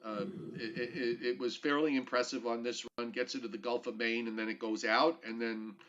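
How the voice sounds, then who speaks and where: A man's voice: medium pitch, little pitch movement, normal speed, a bit bright. A man hosts a casual weather talk show, wandering through his points with plenty of "uh"s and a dry joking streak. His voice sits in an ordinary middle range, heard through slightly muffled, lo-fi audio. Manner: joking, rambling with many fillers.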